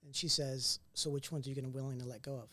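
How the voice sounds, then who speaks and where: A man telling stories in an interview, casual and animated, acting out what others said to him. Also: mid-range voice, quick pace, no echo. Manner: animated storyteller who acts out quoted dialogue; casual, occasional mild swearing. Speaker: entrepreneur guest. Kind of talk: conversational storytelling interview.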